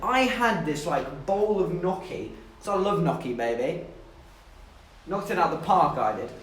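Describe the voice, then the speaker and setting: A man's voice: fairly high pitch, expressive, unhurried, fairly bright tone, far from the mic, a little hiss or hum. A young man from southern England chatting casually to his livestream chat, telling stories with giggles along the way. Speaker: streamer. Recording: echoey room, voice a bit off-mic.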